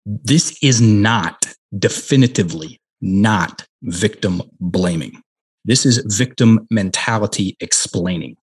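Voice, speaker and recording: A middle-aged man with a husky, slightly low voice tells a coaching story in a relaxed conversational way. He leans hard on key words and slows right down to make a point. His voice comes through a headset mic. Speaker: podcast guest, coach.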